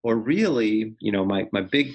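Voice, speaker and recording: A man's voice: fairly low pitch, expressive, lo-fi sound. A man who is a clinical psychologist, a guest in an interview, speaking reflectively and unhurriedly with many casual fillers. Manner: reflective and unhurried, full of "you know" and "like".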